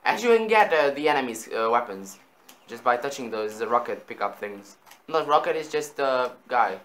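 A man in casual gaming banter, excitable, swearing often and repeating himself while he plays. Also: medium pitch, a little fast, roomy sound, slight background noise. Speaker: gamer.

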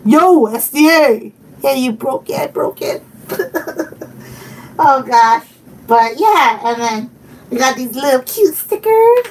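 Giggly woman live-streaming with high, lively voice. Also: slow, breathy edge. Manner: giggly, exclaims often, chats to viewers and her dog. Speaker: channel host. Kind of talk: casual live-stream unboxing chat. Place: home. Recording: from a bit far off the mic, faint room noise.

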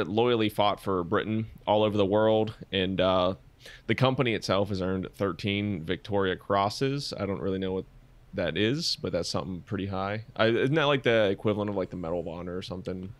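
A man's voice: deep voice, moderate pace. A man co-hosting a casual podcast, going through his research notes with frequent fillers and joking asides. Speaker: podcast co-host presenting research.

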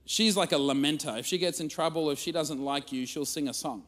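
A man's voice: fairly high pitch, brisk. Man telling a story in a hall. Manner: animated, self-mocking storyteller. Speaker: guest speaker. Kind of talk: storytelling sermon. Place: church auditorium. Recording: long reverb of a church hall.

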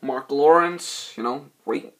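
A young male movie reviewer rambles casually through a film review, swearing often and losing his train of thought. He speaks slowly at medium pitch and acts out movie quotes in loud, shouty voices.

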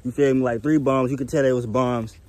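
A man's voice: medium pitch, steady tone, brisk, darkish tone, no room sound. A young man, telling a story to camera in a rambling, laid-back way with many restarts and "you feel me" checks. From Chicago. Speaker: vlogger. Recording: faint background noise.

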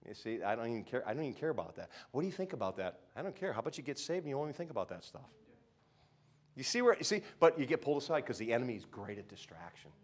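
A middle-aged man preaching a sermon in a church, conversational, swinging between loud pronouncements and muttered asides and acting out mocking quoted voices. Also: medium pitch, sing-song, rapid-fire. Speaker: pastor. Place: church sanctuary.

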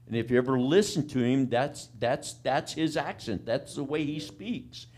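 A folksy country preacher, a man of middle pitch who talks in a plain, down-home way. He keeps asking his congregation "amen?" and "all right?" between his points. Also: moderate pace, darkish tone. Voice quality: plain country-boy way of talking. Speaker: pastor. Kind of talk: sermon.

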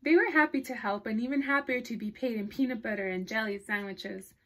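A woman children's librarian reads a picture book aloud at storytime, her voice sitting a little high. She talks in a chatty way, pausing to ask her young listeners questions and laughing along as she goes.

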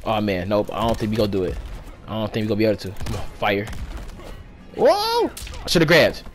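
A man giving excited play-by-play commentary as he plays a fighting game, groaning and exclaiming at every hit. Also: on the low side, rapid-fire, faint music behind. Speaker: gaming channel host. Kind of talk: live gameplay commentary.

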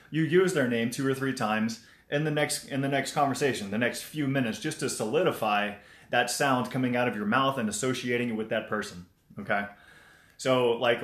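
A man's voice: medium pitch, a bit bright. A man hosting a casual live stream, giving life tips, greeting viewers by name and often repeating himself. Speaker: motivational livestream host. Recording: roomy echo.

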